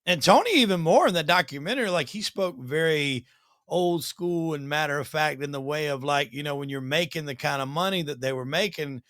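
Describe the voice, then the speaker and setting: A man's voice: fairly high pitch, fairly quick, a bit bright, no room sound, clean studio sound. A man hosting a casual interview, agreeable and reflective in a plain way. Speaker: podcast host.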